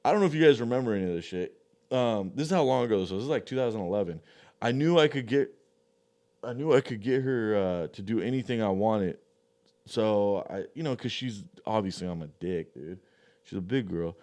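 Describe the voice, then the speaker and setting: A man's voice: lowish voice, animated, a little fast, darkish tone. A young man telling a long, crude anecdote in a casual, profane and mocking way. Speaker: podcast storyteller.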